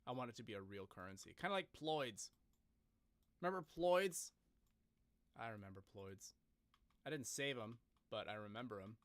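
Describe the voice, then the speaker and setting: A man's voice: mid-range voice, lively intonation, normal speed, long pauses, a bit bright, no echo. A man chatting casually on a live stream, rambling and joking at his own expense. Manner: joking, rambling, self-deprecating.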